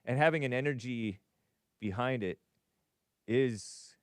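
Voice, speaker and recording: A man's voice: medium pitch, takes it slowly, no room sound, studio quality. A man hosting a call-in show, chatting casually with callers, reading viewer comments aloud and laughing often. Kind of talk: casual call-in radio talk.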